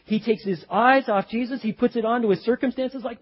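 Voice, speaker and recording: A man preaching a sermon, telling a story with animated swings from loud exclaims to hushed, tender lines. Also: very high-pitched, moderate pace, slightly rough, muffled recording. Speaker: pastor.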